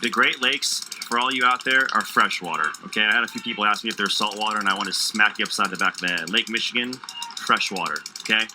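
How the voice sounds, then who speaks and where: A man's voice: lowish voice, quick pace, noisy background. A man from Illinois doing live sports commentary, joking and playful, stumbling over player names. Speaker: play-by-play commentator.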